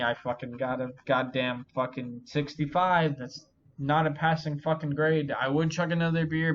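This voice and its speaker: A drunk man talking alone to his viewers, loose and rambling, with profanity in nearly every sentence. He sounds sorry for himself, and his voice sits at an ordinary middle pitch. The recording is dull and muffled, with a faint hiss underneath. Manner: profane, rambling, self-pitying. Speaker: channel host. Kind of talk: drunken solo commentary.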